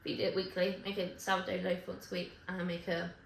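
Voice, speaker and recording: A woman's voice: lowish voice, little pitch movement, creaky, a little hiss or hum. Chatty woman vlogging in an echoey room. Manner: chatty, rambling, self-correcting with quick asides. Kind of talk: casual chat to camera. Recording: echoey room with faint ambience.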